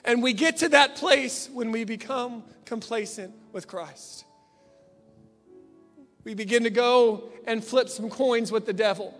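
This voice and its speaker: Fervent high-voiced man preaching. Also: a little slow. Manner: fervent, building to shouts. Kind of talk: sermon. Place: church. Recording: long church reverb with faint piano. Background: faint piano.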